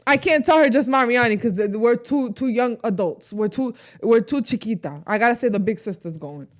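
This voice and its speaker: A woman in her late twenties, co-hosting a podcast in casual chat, switching between English and Spanish and telling animated stories full of slang. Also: fairly high pitch, a little fast. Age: late 20s. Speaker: podcast co-host.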